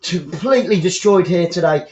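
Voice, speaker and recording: A high-pitched man calls a football match live as a fan commentator, blunt and opinionated, often repeating himself. His voice rings in an echoey room. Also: moderate pace, a little mellow, muffled recording.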